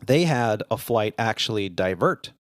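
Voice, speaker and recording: A man co-hosting a podcast, telling a long joke in a casual, animated way and voicing the people in it. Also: lowish voice, a little slow, no echo, studio quality. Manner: animated joke-teller, voices the characters. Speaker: podcast co-host. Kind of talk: casual storytelling chat.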